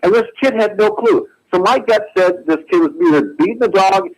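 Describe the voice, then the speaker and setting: A man calling in to a radio talk show, telling a story excitedly and acting out the quotes. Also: high voice, brisk. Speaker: caller. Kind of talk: animated phone-in storytelling. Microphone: telephone. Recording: phone line.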